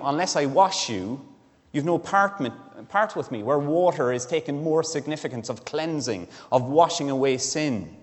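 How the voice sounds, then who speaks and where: A man preaching in a church, with a middle-pitched voice that he keeps conversational. He asks his listeners direct questions. A long reverb trails after his words through the hall. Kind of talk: sermon.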